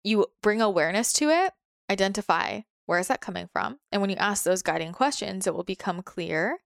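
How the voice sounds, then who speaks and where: A woman speaks as a spiritual teacher, her voice smooth and resonant. She talks gently and soothingly, sometimes acting out her inner voices. The sound is dry and close, with no room echo. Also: animated, a little fast. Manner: gentle, soothing, occasionally voices her ego in a higher pitch. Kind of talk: guided spiritual talk.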